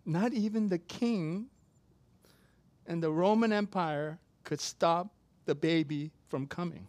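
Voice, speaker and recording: A man preaching a sermon, telling a personal story casually with sudden loud, emphatic bursts. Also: fairly high pitch, takes it slowly, no room sound. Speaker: pastor.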